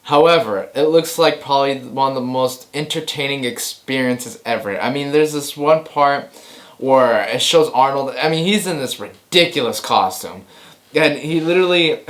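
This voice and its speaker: A man hosting a casual movie news show, excitable and rambling, often repeating himself. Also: mid-range voice, normal speed.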